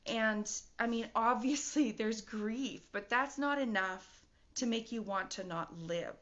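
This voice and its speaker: A woman's voice: on the high side, measured pace, fairly bright tone. A middle-aged woman telling her own story in a personal video, candid and rambling, laughing often between thoughts. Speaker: vlogger. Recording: dull lo-fi audio.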